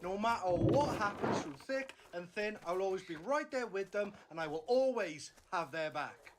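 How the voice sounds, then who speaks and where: A man delivers a sarcastic comedy monologue in a mock-earnest tone. His voice is notably high for a man. Clear background noise sits behind him. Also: expressive, normal speed. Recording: noisy recording.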